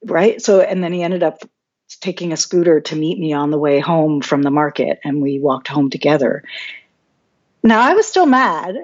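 A woman's voice: on the low side, lively intonation, moderate pace, darkish tone, highs cut off. Reflective woman telling a personal story. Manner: open, reflective, frequent restarts. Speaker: podcast guest.

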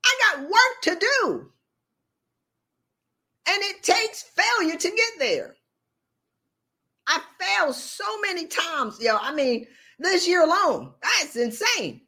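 A woman podcast host speaks in a high, bright voice. She talks in an animated, colloquial way and swings her pitch widely as she gives motivational talk. Her tone stays playful and emphatic. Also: slow, pauses often.

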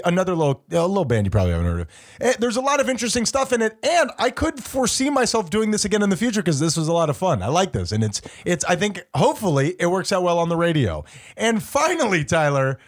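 A man with a high voice that swoops all over the place. He runs mock-serious quiz bits and teases his co-host sarcastically, with playful banter throughout. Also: big pitch swings, fast talker. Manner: teasing, mock-serious quiz-master delivery; sarcastic ribbing. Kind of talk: joking banter between co-hosts.

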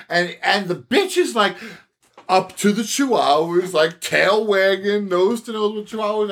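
A husky-voiced older man chatting on a podcast. He tells stories with a lot of animation, his pitch rising and falling freely, and he swears and laughs as he goes. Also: very animated, normal speed, a bit bright. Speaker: podcast host. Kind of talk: casual chat.

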